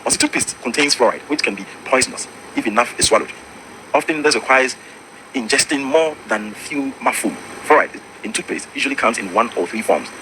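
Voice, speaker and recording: A man's voice: medium pitch, animated, brisk, sharp tone, a little hiss or hum, poor audio. A Ghanaian man with a Ghanaian accent hosting a talk show, jumping in eagerly and mixing English with Twi.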